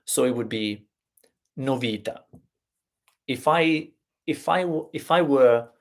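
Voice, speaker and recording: Slow-talking Italian man teaching. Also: medium pitch. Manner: unhurried, explains step by step, repeats words slowly. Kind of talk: live-stream Q&A lesson.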